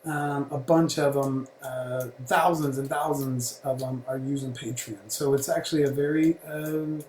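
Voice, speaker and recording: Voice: mid-range voice, steady tone, unhurried, a little mellow, roomy sound, a little hiss or hum. A podcast co-host giving a rambling, casual plug full of fillers, recorded in a bar.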